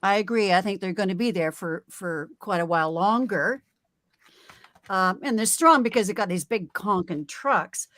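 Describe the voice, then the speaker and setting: A woman's voice: medium pitch, moderate pace, a bit bright, dry recording, studio quality. Chatty woman reading tarot. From Canada. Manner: chatty, emphatic, many fillers and restarts. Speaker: tarot reader, guest. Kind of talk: casual group chat, tarot reading.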